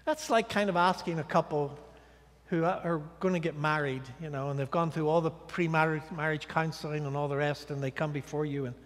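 A male guest preacher giving a dramatic sermon, swinging between loud declarations and hushed asides. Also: on the high side, fairly even intonation, a little fast. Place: church sanctuary. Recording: church hall reverb.

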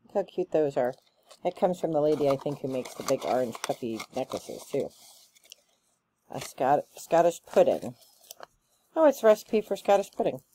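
A woman chatting casually through a gift box unboxing, gushing and excitable, with plenty of ums and likes. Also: sits low, moderate pace, long pauses, a little hiss or hum. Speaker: unboxing vlogger.

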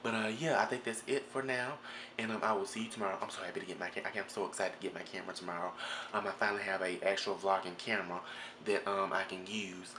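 A man's voice: deep voice, flat delivery, quick pace, noisy background. A young man, chatting casually to a handheld camera at home, rambling with lots of ums and restarts. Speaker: vlogger. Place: at home, in his kitchen. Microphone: handheld phone or camera at arm's length.

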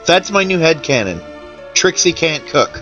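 A man's voice: fairly high pitch, big pitch swings, moderate pace, fairly bright tone, highs cut off, soft background music. A man giving casual, wry commentary over a game he is playing, sounding worn out. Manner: chatty, wry, tired and yawning. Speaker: let's play commentator.

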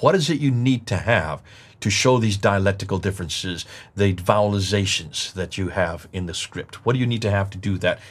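A man's voice: sits low, moderate pace, breathy edge. A middle-aged man presenting a lecture-style discussion, emphatic, repeating key words and explaining with examples. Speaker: presenter teaching on manuscript history.

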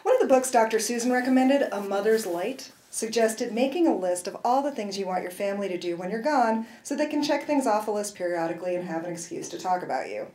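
A woman author reads her own novel aloud at a university event, wry and conversational, with brief asides to the audience. Her voice sits at an ordinary middle pitch. The hall around her gives a roomy echo. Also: animated, fast talker, few pauses, a little mellow. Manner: wry first-person delivery with brief asides.

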